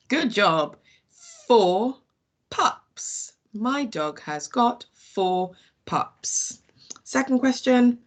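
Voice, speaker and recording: A woman's voice: medium pitch, animated, takes it slowly. A woman teacher with a British accent, sounding out words letter by letter in a children's phonics lesson and praising often.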